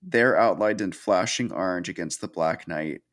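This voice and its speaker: Male co-host, lowish voice, dry sarcastic storyteller. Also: moderate pace, fairly bright tone. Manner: sardonic, profane storytelling. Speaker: podcast co-host. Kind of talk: casual chat retelling a horror story.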